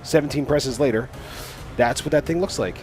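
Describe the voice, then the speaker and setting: A man's voice: mid-range voice, normal speed, a little mellow, soft background music. A man narrating as dungeon master in casual, hesitant talk full of fillers. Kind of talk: narrating a tabletop game.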